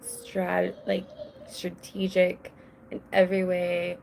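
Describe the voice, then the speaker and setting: A woman's voice: lowish voice, monotone, slow pace, gravelly, a little mellow, a little hiss or hum. A young woman hosting a casual solo podcast from home, rambling and restless, often breaking off mid-sentence. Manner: rambling, restless, self-interrupting. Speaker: podcast host. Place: home with children nearby.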